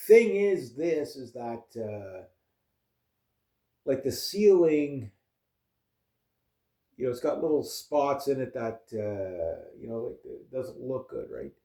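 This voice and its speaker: A man's voice: mid-range voice, mellow. Rambling man in an echoey room. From Canada. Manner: loose, rambling, many fillers and restarts. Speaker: vlogger. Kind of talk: casual rambling chat.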